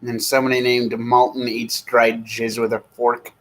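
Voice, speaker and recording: Man, 30s, relaxed streamer host, loose chatty delivery, medium voice. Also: medium pitch, low-quality recording. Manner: rambling, easygoing, slow when reading names aloud. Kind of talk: casual live-stream chat.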